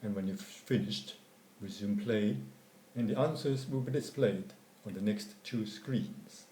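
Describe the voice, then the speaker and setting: Slow, mellow male teacher in echoey room. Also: on the low side, a little hiss or hum. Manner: measured, deliberate reading of word lists. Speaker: English teacher. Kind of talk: slow scripted lesson narration.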